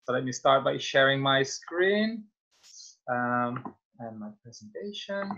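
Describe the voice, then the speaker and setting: A young native Italian speaker with an Italian accent gives a webinar talk as a guest speaker, friendly but hesitant and full of fillers. His mid-range voice is animated and sharp-toned, and he takes it slowly. The video call audio sounds dull and lo-fi.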